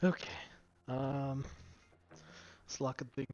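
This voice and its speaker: A man running an online tabletop game as game master, pausing with ums and correcting himself as he explains. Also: mid-range voice, lively intonation, a bit bright. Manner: hesitant, lots of ums and self-corrections. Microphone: online voice call. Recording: dull lo-fi voice-call audio.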